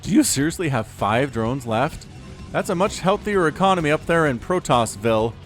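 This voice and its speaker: Animated male game caster. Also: a little high, faint music behind. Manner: animated, quick bursts of excitement and asides. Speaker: StarCraft caster. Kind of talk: excited game commentary.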